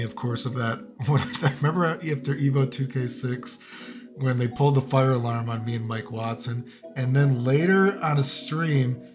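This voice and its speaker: Ranting man with music behind. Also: a little high. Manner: casual, profane, rambling, with many fillers. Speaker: fighting game streamer and commentator. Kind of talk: ranting commentary.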